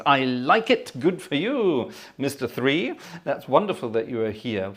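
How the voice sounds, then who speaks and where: A cheerful man hosting a live organ-music stream. He talks to viewers in a chatty, effusive way and keeps thanking them by name. His pitch swings up and down in a lively, sing-song way. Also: fairly quick, hardly any pauses. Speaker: livestream organist and host. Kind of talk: live-stream chat between organ tunes.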